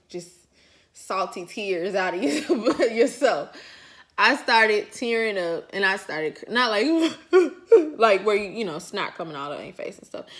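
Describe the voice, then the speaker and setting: A woman with a mid-range, fairly bright voice vlogs a personal story in casual, colloquial chat. She speaks straight to her viewers and chuckles often.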